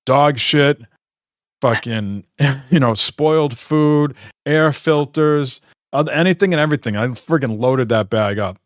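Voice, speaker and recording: A man's voice: medium pitch, a little slow, no echo, studio quality. A man co-hosting a podcast, telling a rambling, exasperated story in casual chat and swearing freely. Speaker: podcast co-host.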